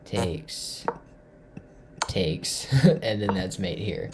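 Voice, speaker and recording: Animated man recapping his chess game. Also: deep voice, drawn-out words, background noise. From Tennessee. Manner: animated, thinks aloud through moves, swings between loud and hushed. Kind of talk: excited game recap to camera.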